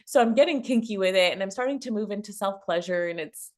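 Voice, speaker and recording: Animated woman telling a story. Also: mid-range voice, quick pace. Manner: animated, laughs often, acts out quotes. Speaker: love coach, guest. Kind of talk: casual storytelling in a conversation.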